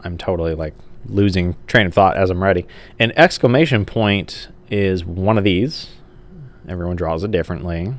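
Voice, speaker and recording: Deep-voiced casual male teacher. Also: normal speed. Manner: casual, says "like" and checks in with "okay?"; talks while writing on a page. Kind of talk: recorded video grammar lesson. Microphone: camera mic.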